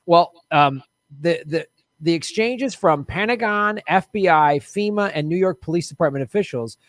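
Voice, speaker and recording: A man's voice: on the high side, normal speed, no room sound, clean studio sound. A man hosting a podcast, chatting loosely and jokily about politics and reading news items aloud. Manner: loose, profane, jokey, reads news aloud. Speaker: podcast host. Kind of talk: casual political chat.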